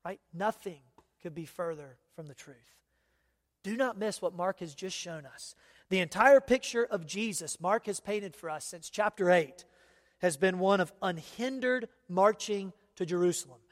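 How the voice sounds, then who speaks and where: A man preaching a sermon, emphatic, often checking in with the congregation with quick asides. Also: high-pitched, big-room sound. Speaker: pastor.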